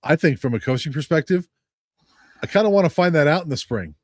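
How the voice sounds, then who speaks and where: A man who covers college football as a beat writer, explaining his view as a guest in a calm, measured way. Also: fairly high pitch, no room sound. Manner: measured, explanatory, many fillers. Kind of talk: sports analysis, casual.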